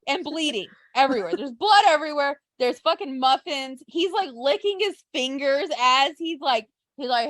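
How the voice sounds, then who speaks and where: A woman co-hosting a casual podcast who swears freely and retells events with quick quoted asides. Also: high voice, lively intonation, fairly bright tone, no echo. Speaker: podcast co-host. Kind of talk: casual chat.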